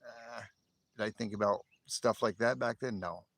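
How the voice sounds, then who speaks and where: A man's voice: lowish voice, steady tone, normal speed, creaky, a bit bright, no echo. A middle-aged man from the northern United States, hosting a casual livestream, rambling with stammered repeats. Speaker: livestream host.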